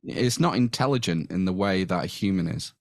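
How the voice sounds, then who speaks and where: A man talks as a podcast guest in a lowish voice. He is measured and wry, pausing on fillers, and his voice sounds dry and close to the mic. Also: gravelly, dry recording. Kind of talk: casual podcast chat.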